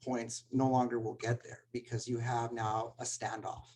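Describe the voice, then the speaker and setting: A man in a webinar talk, sharing stories from his work in school discipline. He speaks earnestly and at times gets choked up, in a steady conversational voice. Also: medium pitch, moderate pace, husky, poor audio. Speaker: school administrator.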